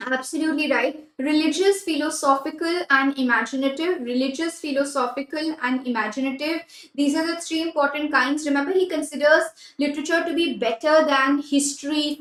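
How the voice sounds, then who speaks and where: A woman with an Indian English accent leads a live online class in a high, bright voice. She switches freely between Hindi and English, repeats her key phrases and cheers students on by name. The room gives her voice a roomy echo. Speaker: exam prep teacher.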